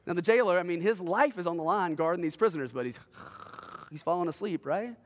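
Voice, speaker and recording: A man preaching a sermon as a pastor, telling a story dramatically and swinging between loud bursts and hushed lines. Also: high voice, fast, big-room sound. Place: church sanctuary.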